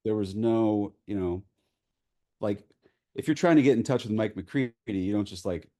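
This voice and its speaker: Profane, animated storyteller with a low voice. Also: male voice, moderate pace. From US Pacific Northwest. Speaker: filmmaker guest at a Q&A. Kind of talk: candid anecdotal storytelling. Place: post-screening Q&A.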